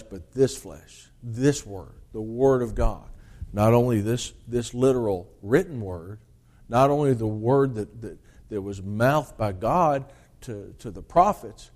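A man's voice: lowish voice, darkish tone. A man preaching a sermon, reading scripture aloud with rising emphasis and explaining it in plain talk with restarts.

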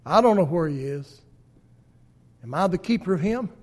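A man's voice: sits high, darkish tone, close to an everyday voice. A preacher voicing Cain as an arrogant, defiant man firing off scornful questions. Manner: scornful, rushed rhetorical questions.

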